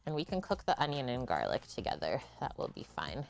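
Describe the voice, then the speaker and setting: A woman's voice: very deep voice, huge pitch swings, a little fast, creaky, faint music behind. A woman hosting a live cooking stream in a home kitchen, chatting casually and explaining each step as she cooks.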